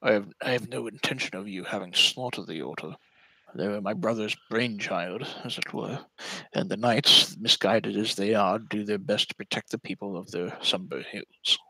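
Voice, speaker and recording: A man voicing a weary, reasonable lich in measured, slightly formal speech. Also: fairly low pitch, bright, forceful tone, breathy edge, no echo, exaggerated voice, poor audio. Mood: earnest.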